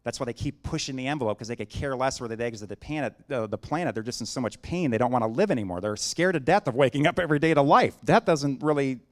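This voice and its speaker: A man's voice: medium pitch, lively intonation, quick pace, few pauses. Man preaching through a personal story. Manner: storytelling, acting out dialogue, building to emphatic preaching. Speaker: guest preacher.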